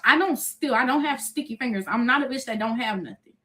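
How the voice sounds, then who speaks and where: This young woman's voice sits high and moves briskly. She tells viewers a chaotic personal story, cursing freely and acting out what people said in a profane, animated retelling.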